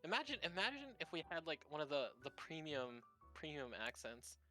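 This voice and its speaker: A man's voice: fairly high pitch, very animated, a little fast, bright, forceful tone, soft background music. A man with a Canadian accent chatting on a live stream, rambling with many restarts and casual swearing.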